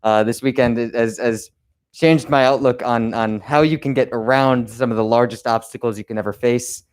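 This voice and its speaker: A young man as conference organizer, giving a closing ceremony speech in an earnest, halting way with many restarts. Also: mid-range voice, steady tone, clear, resonant tone. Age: young adult.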